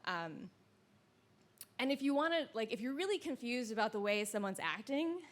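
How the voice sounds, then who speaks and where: Woman in her thirties, live storytelling, wry deadpan asides, a bit high-pitched. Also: normal speed. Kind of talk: live true-story telling.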